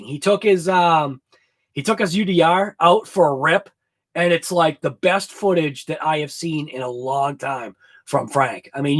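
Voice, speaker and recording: A man hosting a live hobby show, chatting casually with viewers in a rambling, excited way and laughing often. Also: high voice. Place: home garage workshop.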